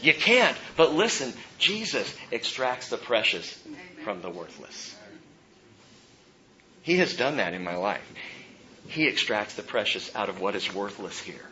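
A man in his forties, a pastor preaching a sermon, who shifts from hushed, slow emphasis to loud, high-pitched exhortation. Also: very animated, lo-fi sound, a little hiss or hum. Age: 40s.

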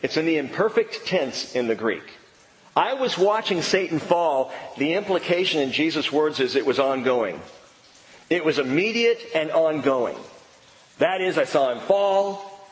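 A man preaching an expository sermon, emphatic and animated, swinging between excited and low earnest tones. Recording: long reverb of a large hall.

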